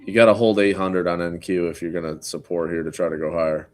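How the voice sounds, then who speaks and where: A laid-back man with a very deep voice gives dry comments on stocks during a casual trading chat. Faint music and keyboard typing sit behind him. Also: flat delivery, fast talker. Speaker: trader co-host.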